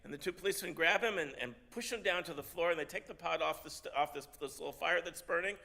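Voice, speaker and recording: Bright-voiced man telling a story. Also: fairly high pitch, creaky. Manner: halting, repeats words often, animated. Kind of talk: storytelling sermon. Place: synagogue service.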